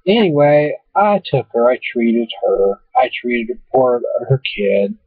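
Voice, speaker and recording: A man's voice: mid-range voice, lively intonation, measured pace, husky, no room sound. A man rambling through a casual webcam monologue at home, full of fillers and asides. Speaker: vlogger. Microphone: webcam mic. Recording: tinny, phone-like dry webcam audio.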